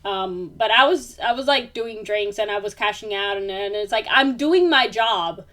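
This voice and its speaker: A woman's voice: mid-range voice, normal speed, a bit bright. A young woman vlogging in a casual, rambling way, full of fillers, turning heated and emphatic as she vents. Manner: rambling, many fillers, grows heated and emphatic when ranting. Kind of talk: casual venting monologue.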